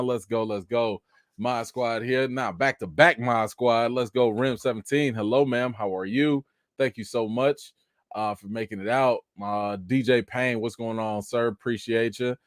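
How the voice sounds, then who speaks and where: A man hosting a casual live-stream chat, telling an animated story with acted-out reactions and greeting viewers by name. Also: mid-range voice, dry recording, studio quality.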